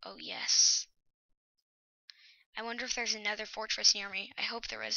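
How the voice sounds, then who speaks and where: A woman giving excitable, anxious gameplay commentary, often dropping to a whisper. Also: medium pitch, normal speed, no echo, lo-fi sound. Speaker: let's play host.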